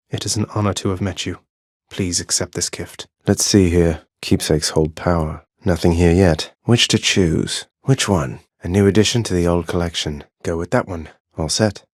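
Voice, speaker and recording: An actor playing an earnest, wry young prince of the underworld in a video game, polite with dry teasing, recorded in a studio booth. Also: male voice, sits low, dry recording. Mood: grateful, then terse.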